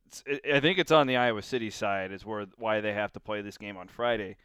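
A man with a smooth, clear voice hosts a casual sports talk show and states his opinions bluntly and with energy. The sound is dry and close to the mic. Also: on the low side, brisk, no echo. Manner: opinionated, animated. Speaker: sports radio host.

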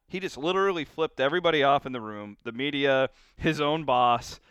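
A man with a smooth, clear voice hosts a casual sports talk show and states his opinions bluntly and with energy. The sound is dry and close to the mic. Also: medium pitch, fairly quick, hardly any pauses, no echo. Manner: opinionated, animated. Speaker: sports radio host.

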